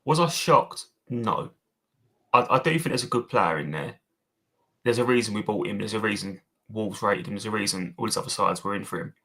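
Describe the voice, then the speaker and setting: A man gives blunt opinions on a loose football fan podcast, swearing and calling his co-host mate. His voice is low, forceful and husky, with a hard edge. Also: a little fast. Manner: blunt, matey, swearing, says mate a lot. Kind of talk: casual fan podcast chat.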